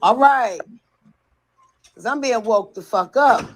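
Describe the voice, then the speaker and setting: A woman in a heated livestream confrontation, shouting profane orders and repeating the same commands over and over. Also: on the high side, slow, a little hiss or hum, poor audio. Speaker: woman filming a live video.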